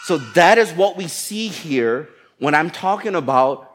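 A man's voice: on the high side, lively intonation, measured pace, a bit bright, a little hiss or hum. A man preaching a sermon in a conversational, playful way, acting out people's thoughts as he goes. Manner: conversational, playful preaching with acted-out inner voices. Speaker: pastor.

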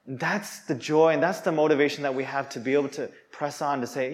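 A man's voice: a little high, lively intonation, moderate pace, a bit bright. A young man preaching a sermon in an earnest, conversational way, often restarting his sentences.

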